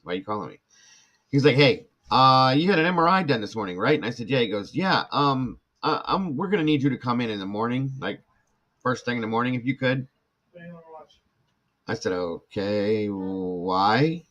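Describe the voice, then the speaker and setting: Older guy, kinda low voice, rambling story chat, muffled cheap mic. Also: lively intonation, fairly quick, fairly bright tone. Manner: rambling, acts out quoted speech. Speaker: podcast host.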